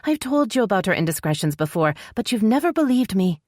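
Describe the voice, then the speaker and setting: A woman's voice: medium pitch, very animated, fairly quick, darkish tone, no room sound, clean studio sound, pitched above the performer's own voice. Woman doing an outspoken young elf princess. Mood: insistent. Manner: pleading, insistent.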